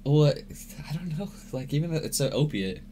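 A man's voice: a little high, animated, fairly quick, warm tone. A young man chatting casually as a podcast co-host, laid-back and swearing freely, often laughing. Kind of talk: casual chat. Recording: faint background noise.

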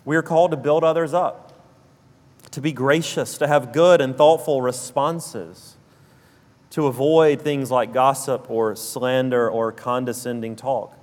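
A man with a South Alabama drawl delivers a sermon at a mid pitch, earnest and steady. He circles back to key phrases for emphasis. His voice carries a long reverb from a large church sanctuary. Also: a little slow. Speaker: pastor.

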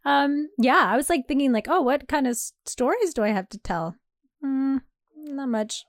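A woman's voice: high-pitched, animated, moderate pace, dry recording, studio quality. A woman co-hosting a comedy podcast in casual chat, rambling and hesitant with self-deprecating laughs. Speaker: podcast co-host.

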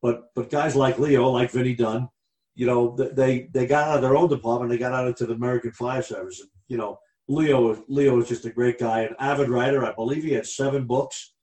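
A man's voice: medium pitch, steady tone, brisk, darkish tone, reverberant. A man co-hosting a casual talk show, speaking plainly and often repeating himself. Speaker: podcast co-host. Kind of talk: casual conversation.

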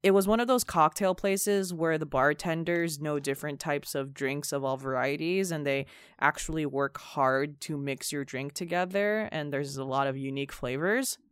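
A peppy young woman tells a story as a podcast co-host, her voice notably deep for a woman. Her delivery is clean and smooth, recorded close and dry. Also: normal speed, dry recording. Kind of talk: casual storytelling chat.

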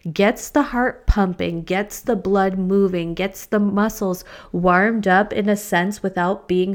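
A woman in her thirties talks in a casual, candid chat as a mom and podcaster. Her voice is smooth and clear. She speaks at a medium pitch and leans on "like" as she goes. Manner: chatty and candid, peppered with "like".

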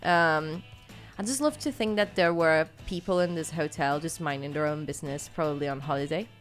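A woman's voice: low voice, brisk, soft background music. A woman hosting a podcast, mixing read-out notes with casual, hesitant chat that is full of fillers. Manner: chatty, hesitant, many fillers. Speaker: podcast host.

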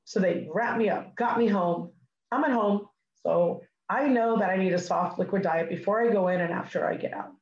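A middle-aged woman telling a personal story as an interview guest, animated and acting out what people said. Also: medium pitch, normal speed, muffled recording. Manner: animated, acts out dialogue. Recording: echoey room.

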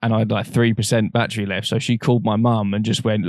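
Low-voiced young man, dry mic. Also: level tone, fast talker, few pauses, darkish tone, no room sound. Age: young adult. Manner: frank, swears freely, acts out quoted voices. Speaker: podcast co-host. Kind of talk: casual storytelling chat.

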